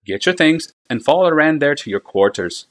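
A man voicing an older female archaeologist who speaks calmly and with firm authority. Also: a little high, a little fast, pitched above the performer's own voice, natural voice. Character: older female scholar, calm and commanding.

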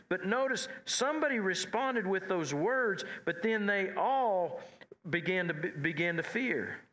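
A man preaching a folksy, repetitive cowboy-church sermon that climbs in pitch and force. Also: sharp tone. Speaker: pastor.

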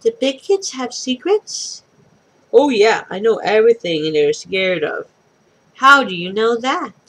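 A woman's voice: on the high side, big pitch swings, a little slow, a bit bright, exaggerated voice, poor audio. A woman reading aloud and voicing a big furry horned monster who is shy and earnest. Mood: confiding.

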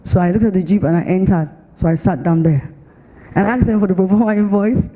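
A woman's voice: medium pitch, fast. Nigerian woman preaching in a reverberant hall. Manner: animated storytelling, acts out other voices. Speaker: pastor. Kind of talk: sermon with personal testimony. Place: church hall. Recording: long church-hall reverb.

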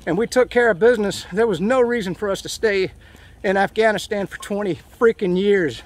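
A man's voice: sits high, brisk. A middle-aged man vlogging casually while walking outdoors in a park, hot and sweaty, talking emotionally in rambling bursts full of fillers. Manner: emotional, ranting, with frequent fillers.

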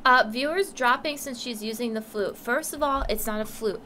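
Woman streamer trash-talking her chat, swearing a lot, kinda high, really bright tone. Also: moderate pace, slight background noise. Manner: crude, profane mock rants at chat. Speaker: live streamer.

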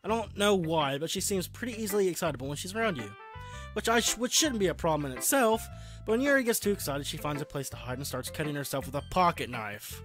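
A man's voice: fairly high pitch, expressive, quick pace, fairly bright tone, faint music behind. A man reading the lines of a cheerful, confident teenage girl who leads a school club, mostly in his own voice.

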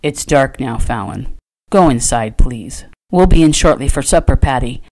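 A woman voicing a protective rich rancher in an audiobook, speaking low and firm with a commanding manner. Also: animated, normal speed, warm tone, heavily acted.

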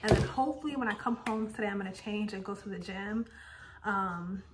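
A woman's voice: medium pitch, brisk, heavy background noise. A woman in her thirties chatting casually to her viewers in a rambling vlog. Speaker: lifestyle vlogger.

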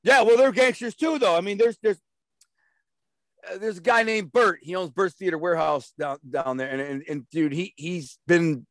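A streetwise, blunt interview guest from Detroit tells long, rambling stories, repeating himself and acting out other people's voices. His voice is a little high for a man, with a fairly bright tone. The recording is dry and close, with no room sound or echo.

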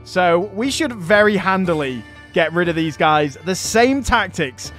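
High-voiced excitable man playing a strategy game. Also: measured pace, soft background music. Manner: chatty, excitable, swears freely and rants at the enemy. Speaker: gaming channel host.

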